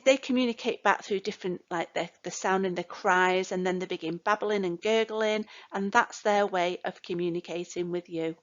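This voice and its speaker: An older woman teaching a care course in a recorded lecture, chatty, with many fillers and "you know" asides. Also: medium pitch. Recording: dull lo-fi recording.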